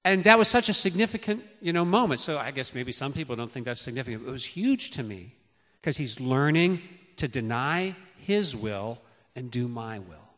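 Male preacher, 50s, storytelling sermon, medium pitch, long hall reverb. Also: expressive, normal speed. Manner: storytelling, acts out calls to his children loudly. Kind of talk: sermon on parenting.

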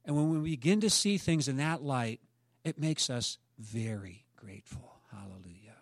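A middle-aged man preaching a sermon as pastor, rising to emphatic peaks and then dropping soft. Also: medium pitch, expressive, normal speed, dry recording.

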